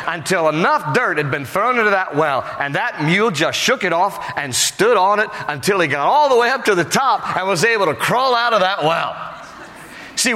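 Male preacher, animated sermon delivery, slightly high voice, reverberant sanctuary. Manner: animated preaching, acting out quotes. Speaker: pastor.

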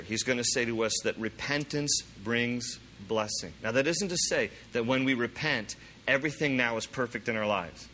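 A man preaching a sermon, reading scripture aloud with emphasis and slowing down for the verses. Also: mid-range voice, fairly bright tone, slight background noise. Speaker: pastor.

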